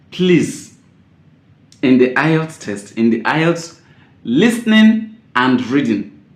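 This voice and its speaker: A man giving a spoken tips lesson as an exam-prep teacher, repeating his key points and stressing words with sudden loud jumps. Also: medium pitch. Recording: roomy echo.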